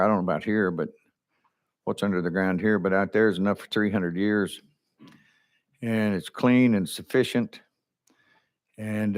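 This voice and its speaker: A man, a state legislator, speaking in a folksy, rambling way at a committee hearing. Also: on the low side.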